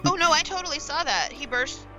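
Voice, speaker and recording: A woman's voice: high voice, lively intonation, fairly quick, over music, rough recording. A woman guesting on a casual podcast, recapping TV scenes with wry jokes and playful quoted voices.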